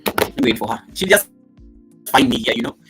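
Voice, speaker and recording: A man hosting a casual live stream from his home set, greeting viewers by name and reading chat comments, with loud bursts of welcome between quiet asides into a laptop mic. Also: mid-range voice, expressive, fairly quick, breathy edge, faint music behind, poor audio.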